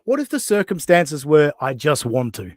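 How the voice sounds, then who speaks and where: A man's voice: a little high, big pitch swings, normal speed, no echo. A man hosting a podcast, mocking and profane as he reacts to clips in casual chat. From Australia. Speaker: podcast host.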